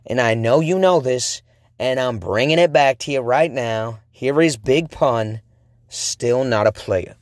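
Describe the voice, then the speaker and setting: A man's voice: medium pitch, a little slow. A man hosting a podcast who tells a personal story in a rambling, self-deprecating way, with lots of restarts, on a close mic. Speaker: podcast host. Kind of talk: casual storytelling monologue.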